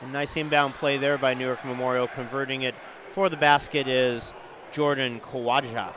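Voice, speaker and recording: A man calling live high school basketball play-by-play who gets louder on big plays. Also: moderate pace, noisy background. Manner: rising excitement on big plays. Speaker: play-by-play announcer.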